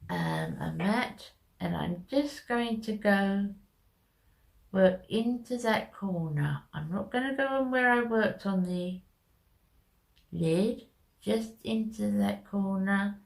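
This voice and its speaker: Slow, gravelly woman doing a makeup tutorial. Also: medium pitch. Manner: chatty, step-by-step, addressing viewers as guys. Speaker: makeup vlogger.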